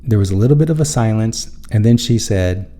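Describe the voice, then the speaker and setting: A man's voice: fairly low pitch, lively intonation, brisk, dark tone. A man hosting a spiritual self-help show, telling a personal story in an earnest, rambling way and often correcting himself mid-sentence.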